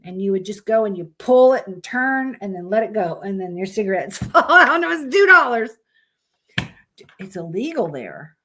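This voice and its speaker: A woman's voice: a little high, a bit bright. A woman, hosting a casual live stream, blunt and profane as she chats with her viewers.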